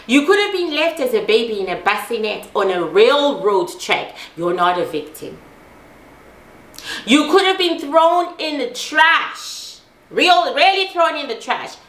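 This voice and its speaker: A woman's voice: sits high, a bit bright, reverberant. A middle-aged woman giving an intense personal monologue, emphatic and repeating lines for force, swearing as she talks. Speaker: host.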